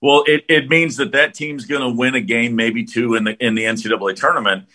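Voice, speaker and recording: A man's voice: medium pitch, steady tone, fairly quick, sharp tone. A man co-hosting a podcast, talking casually about college basketball and betting, rambling with many restarts. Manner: rambling, with repeated restarts and laughs. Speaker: podcast co-host. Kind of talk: casual sports chat.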